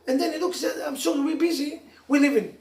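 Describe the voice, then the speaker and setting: Animated rabbi preaching in an echoey room. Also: male voice, very high voice, quick pace. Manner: animated storytelling with laughs and sudden loud emphasis. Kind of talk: sermon to a live audience. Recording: echoey room, mic from far off.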